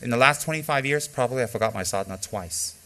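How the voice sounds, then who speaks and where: A man's voice: medium pitch, fast, sharp tone. A middle-aged man giving a spoken dharma teaching as a Buddhist teacher, emphatic and repeating key phrases for stress, mixing in candid stories from his own practice. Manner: candid personal storytelling.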